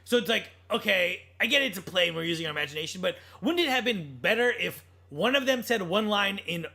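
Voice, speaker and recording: A man co-hosting a casual podcast chat, blunt and animated, swearing freely as he talks. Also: sits high, fairly quick. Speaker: podcast co-host.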